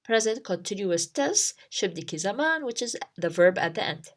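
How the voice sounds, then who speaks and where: A woman's voice: mid-range voice, sing-song, moderate pace. A woman teaching a beginner language lesson in a casual, explanatory way, asking herself questions and restarting her sentences as she goes. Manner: explains step by step, with many restarts and rhetorical questions.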